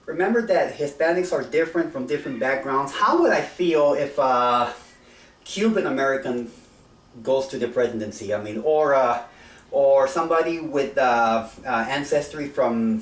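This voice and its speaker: A middle-aged vlogger from South Texas talks casually to camera, rambling and hesitating with many fillers and restarts. His mid-range voice moves at a moderate pace, and he sits far from the mic, giving a roomy sound.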